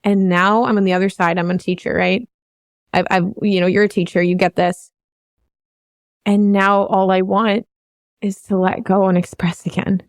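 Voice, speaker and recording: A woman's voice: mid-range voice, level tone, moderate pace, no room sound. Brief: woman vocal coach hosting, earnest and rambling, open about feelings, dry close sound. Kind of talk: candid podcast conversation.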